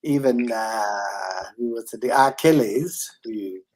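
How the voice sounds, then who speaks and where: A man's voice: on the low side, a little slow, a little mellow. A man talking in a casual online chat, rambling and hesitant as he recalls events.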